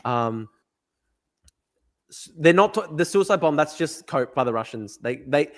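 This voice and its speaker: A young man hosting a livestream, excitable and profane, reading viewer comments aloud. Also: fairly high pitch, unhurried. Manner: excitable, profane, laughing, reads chat aloud. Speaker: livestream host.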